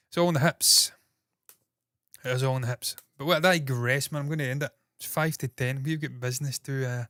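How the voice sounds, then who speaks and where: A man's voice: medium pitch, no room sound. Man, stream host, casual, rambling, swears a lot, dry recording. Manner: rambling, profane and self-deprecating. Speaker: entertainment news host. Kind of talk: casual solo livestream commentary.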